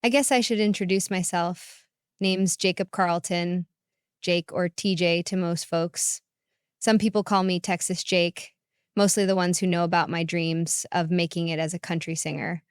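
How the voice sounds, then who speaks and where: A woman narrating a first-person story in a calm, reflective way. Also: lowish voice, moderate pace, smooth, no echo, studio quality.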